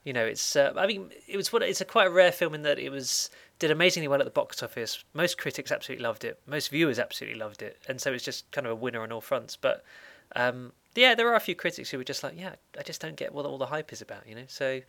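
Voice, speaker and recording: A man co-hosting a podcast, chatting easily and giggling as he pitches ideas. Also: animated, quick pace, gravelly, few pauses, a bit bright. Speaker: podcast co-host. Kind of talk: casual film chat.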